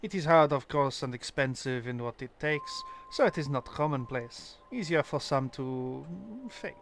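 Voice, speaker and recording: A man voicing a poised French male academic who debunks fraudulent mystics, in a put-on French accent with formal, measured delivery. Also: mid-range voice, fairly bright tone, slight background noise, lightly acted. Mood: assured.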